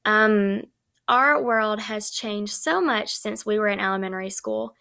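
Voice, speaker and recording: Young woman, student presenter, chatty with frequent ums, some vocal fry. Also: medium pitch, measured pace, bright, forceful tone. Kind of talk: recorded class presentation.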